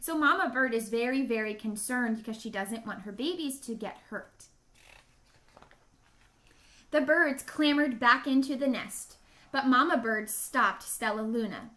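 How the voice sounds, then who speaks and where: Woman teacher, storybook read-aloud lesson; slow, bright, encouraging questions. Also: on the high side. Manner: encouraging, asks listeners questions and praises answers.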